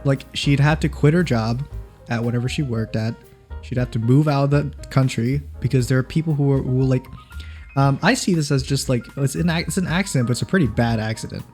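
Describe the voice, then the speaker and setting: A man's voice: mid-range voice, fairly quick, darkish tone, faint music behind. A young man co-hosting a podcast in casual chat, rambling and restarting his sentences. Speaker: podcast co-host.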